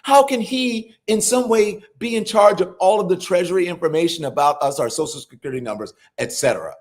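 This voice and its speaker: A man's voice: high voice, a little fast. A middle-aged man hosting a live political commentary show, scolding and incredulous, swearing freely as he argues. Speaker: host.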